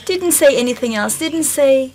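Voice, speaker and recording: A woman speaking at a symposium in a concert hall, slowly and haltingly recalling a spiritual encounter in the first person. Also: high voice, expressive, darkish tone, slight background noise. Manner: slow, halting storytelling with pauses.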